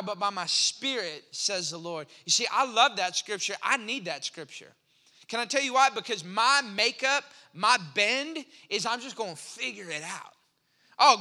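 A man with a very high, very bright voice preaches a sermon in an animated, playful way. He sometimes slips into mock back-and-forth with his listeners. His voice rings through a large church hall with a long reverb. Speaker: pastor.

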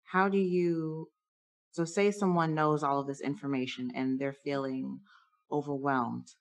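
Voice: mid-range voice, steady tone, measured pace. An interviewer asking questions hesitantly, with fillers and restarts.

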